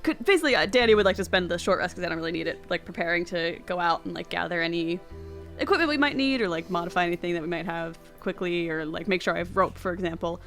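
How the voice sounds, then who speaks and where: A woman's voice: fairly low pitch, quick pace, fairly bright tone, faint music behind. A woman playing in a tabletop game, rambling with fillers and laughing often. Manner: rambling, filler-heavy, giggly. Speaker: player. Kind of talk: casual tabletop play.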